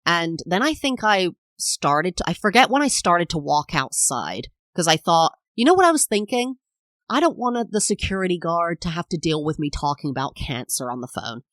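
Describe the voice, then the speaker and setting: A woman's voice: on the low side, sing-song, normal speed, a bit bright, dry recording. A woman in her thirties, a podcast host telling a personal story in a chatty, rambling way, full of fillers and acted-out quotes. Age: 30s.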